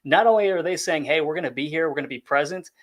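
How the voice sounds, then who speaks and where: A man with a slightly higher voice explains his points in a calm, measured way. He talks in casual podcast chat. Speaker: football draft analyst.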